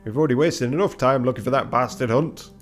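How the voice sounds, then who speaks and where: A man's voice: mid-range voice, fast talker, soft background music, natural voice. A man voicing a brash, angry male ship engineer who swears and barks orders. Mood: impatient. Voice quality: loud and gruff, swearing.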